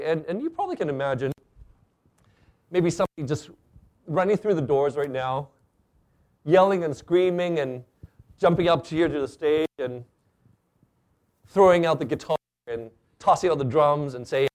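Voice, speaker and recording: Animated preacher man, fairly high voice. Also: normal speed, pauses often. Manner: animated, acts out quoted speakers. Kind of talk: sermon. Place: church stage.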